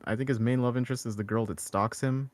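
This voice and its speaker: A man's voice: medium pitch, steady tone, fast, no room sound. A young man chatting casually as co-host, rambling with lots of fillers and restarts. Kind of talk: casual chat.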